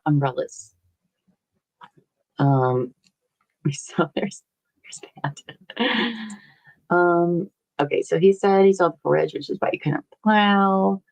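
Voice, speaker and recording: A woman's voice: medium pitch, darkish tone, low-quality recording. A woman hosting a casual livestream, rambling and chatty as she reads viewer comments aloud, laughing often and swearing casually. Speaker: livestream host.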